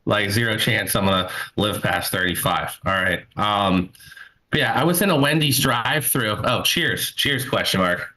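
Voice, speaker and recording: Stand-up comic, young man, bright forward tone, rambling crude storyteller on a club mic. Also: on the low side, moderate pace, rough recording. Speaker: stand-up comedian. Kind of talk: live stand-up set. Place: comedy club stage.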